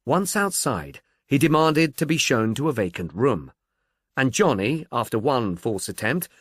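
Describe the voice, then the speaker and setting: A man reading a novel aloud in a wry, measured storytelling voice. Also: medium pitch, very animated, breathy edge, no room sound, studio quality. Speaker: audiobook narrator. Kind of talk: scripted narration.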